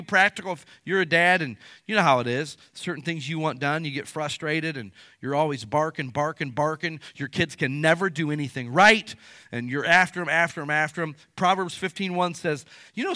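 A middle-aged male pastor preaching a sermon in an animated way, with rhetorical questions and acted-out asides. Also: on the high side, no room sound.

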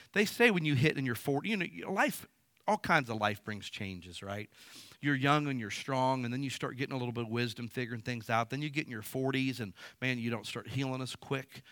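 A man in his fifties preaching a sermon in a casual, animated storytelling way, acting out quotes. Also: mid-range voice, no room sound, clean studio sound. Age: 50s. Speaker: pastor. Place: church sanctuary.

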